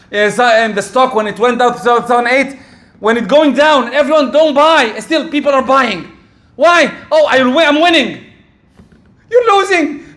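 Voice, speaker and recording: A man's voice: extremely high pitch, a bit bright. A middle-aged man giving a sermon, asking rhetorical questions and dropping Arabic religious terms into his talk. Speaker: preacher.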